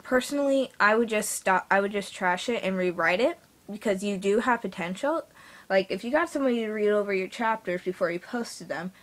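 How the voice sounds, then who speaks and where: A woman's voice: mid-range voice, brisk. Woman, vlogger reviewing reader submissions, rambling and filler-heavy, blunt yet apologetic. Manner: blunt but apologetic critique. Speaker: fan fiction reviewer. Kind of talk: casual vlog review.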